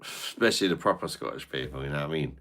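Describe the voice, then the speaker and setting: A man's voice: very deep voice, fast talker, fairly bright tone. A man, chatting live to his viewers in crude, slang-heavy joking banter full of swearing. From Britain. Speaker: live streamer reading chat. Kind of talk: casual live-stream chat.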